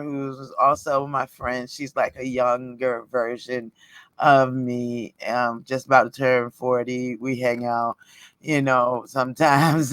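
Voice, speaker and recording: A middle-aged woman telling a personal story in a casual storytime vlog, rambling and halting, often breaking into laughter. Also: extremely low pitch, smooth, no room sound. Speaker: roadside assistance worker.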